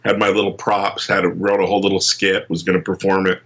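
A man from England, a comic book writer telling rambling, excitable anecdotes as an interview guest, full of restarts, in a muffled lo-fi recording. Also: deep voice, fast. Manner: rambling, excitable, many restarts and fillers, acts out quotes.

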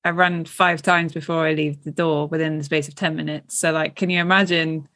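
A woman's voice: low-pitched, little pitch movement, fairly quick, a bit bright. Chatty British woman, teasing. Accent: British English. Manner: chatty, teasing, laughs often, says "like" and "um" a lot. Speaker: podcast co-host. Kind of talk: casual chat.

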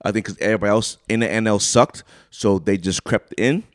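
A man co-hosting a casual beer-and-sports podcast, loud and joking, with sudden shouted bursts. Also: lowish voice, brisk, no room sound, clean studio sound. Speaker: podcast co-host. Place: small room, two mics.

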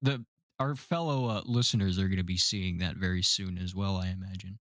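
Young male podcast host with a lowish voice, playful and self-mocking, trips over his words. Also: fairly even intonation, a little fast, a bit bright, dry recording, studio quality. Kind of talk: casual podcast chat.

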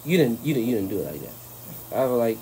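A woman's voice: extremely low pitch, very animated, a little fast, warm tone, a little hiss or hum, low-quality recording. A woman hosting a podcast, talking in loose, joking, profane banter. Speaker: podcast host. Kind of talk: casual chat.

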